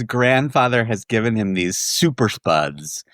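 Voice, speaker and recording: A man's voice: on the low side, unhurried, no echo. Laughing man telling a story. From Washington, D.C. area. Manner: animated storytelling, laughs often. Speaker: guest, musical theater writer. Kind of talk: casual podcast chat.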